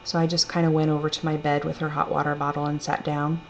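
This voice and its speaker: A woman telling a personal story in a gentle, reflective, unhurried way. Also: deep voice, little pitch movement. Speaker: storyteller sharing a personal testimony. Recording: dull lo-fi recording with faint hum.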